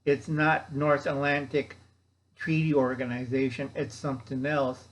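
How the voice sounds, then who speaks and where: Slow-talking older man ranting. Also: medium pitch, little pitch movement. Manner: ranting, sarcastic, scattered. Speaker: YouTube channel host. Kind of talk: rambling casual monologue. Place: at home, eating a meal.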